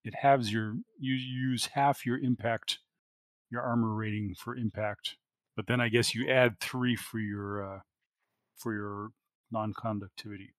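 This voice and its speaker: A man's voice: fairly low pitch, fairly even intonation, a little slow, no room sound. A man running a tabletop role-playing game as game master, narrating the action and working through the rules as he goes. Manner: narrates action and rules, with many fillers and restarts.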